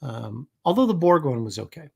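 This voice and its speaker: A man's voice: mid-range voice, very animated, normal speed, vocal fry, slightly rough. A middle-aged man talks casually on his own live stream. He rambles and mocks himself, and he fills his talk with ums and false starts. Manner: rambling, self-mocking, many fillers and restarts. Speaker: host of a live comic art stream.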